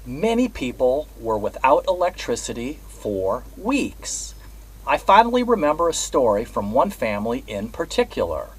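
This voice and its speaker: A man hosting his own vlog, telling a personal story in a measured, earnest way. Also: medium pitch, big pitch swings, breathy edge, poor audio. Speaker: host. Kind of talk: reflective personal vlog monologue.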